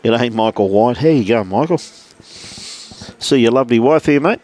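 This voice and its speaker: Lively intonation marks this man's mid-range, slightly mellow voice, delivered a little slowly. With an Australian accent, he commentates lawn bowls on a livestream from indoors behind glass beside the green, chatting warmly and greeting viewers by name.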